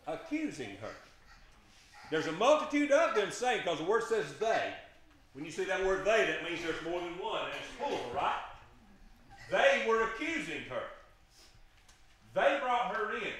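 A man's voice: sits high, fairly bright tone. A man preaching a sermon, impassioned and emphatic, firing off rhetorical questions to his congregation. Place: church sanctuary. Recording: echoey church sanctuary.

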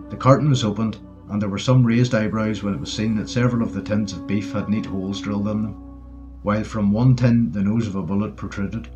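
A man narrating a wartime adventure audiobook in a steady storytelling voice. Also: lowish voice, fairly quick. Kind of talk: scripted narration. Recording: dull lo-fi with faint music.

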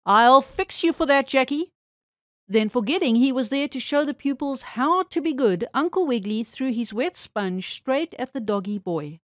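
A woman reading a children's storybook aloud with expressive, animated storytelling. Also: on the high side, moderate pace, few pauses, no room sound, studio quality.

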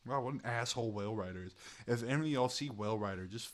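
A man's voice: mid-range voice, quick pace. A man streaming a chat game, commenting casually, laughing often and swearing freely, and sounding short on sleep.

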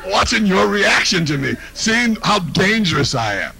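A man's voice: sits high, big pitch swings, normal speed, vocal fry, background noise. A man performing a live stand-up routine, brash and mocking, with confiding asides to the crowd. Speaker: stand-up comedian. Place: comedy stage.

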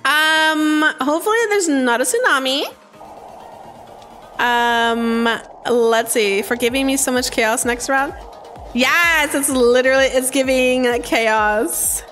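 A woman hosting a live gaming stream, bubbly, greeting and thanking her chat nonstop with excited gasps. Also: sits high, takes it slowly, faint music behind. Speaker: live-stream gamer host.

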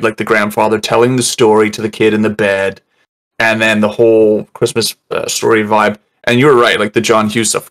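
A man reviewing a movie in casual chat, rambling and swearing, acting out scenes in quick voices. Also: fairly low pitch.

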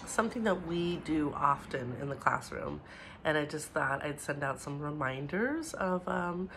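A woman teaching preschoolers from home, talking gently and encouragingly and mixing in Spanish words. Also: on the low side, a little hiss or hum. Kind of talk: home video lesson for young children.

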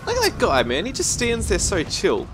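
A man giving excitable gameplay commentary, yelping and swearing as he plays. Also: high voice, normal speed, background noise. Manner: excitable, yelps and swears at the game. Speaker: let's-play gamer.

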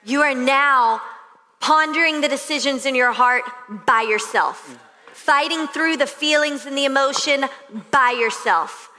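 A female pastor preaches earnestly, building her points through repetition. Her voice is bright and set slightly high. The long reverb of a large church hall trails each phrase. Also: animated, measured pace. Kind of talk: sermon. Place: church stage.

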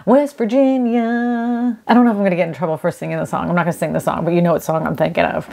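A woman's voice: sits low, steady tone, rapid-fire, creaky, a little mellow. A woman real estate agent hosting a casual vlog, chatting enthusiastically as she browses and gushes over listings.

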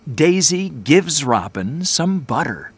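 Children's story reader, very slow, lively intonation, clear delivery. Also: mid-range voice. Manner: slow, clear, expressive reading. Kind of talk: children's story read-aloud for English learners.

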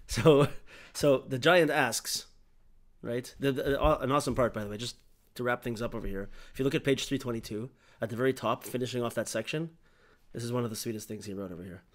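A man leads a Torah study discussion in a middle-pitched voice, explaining animatedly and restarting often. He checks in with his listener as he goes. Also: steady tone, a little fast. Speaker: Torah teacher.

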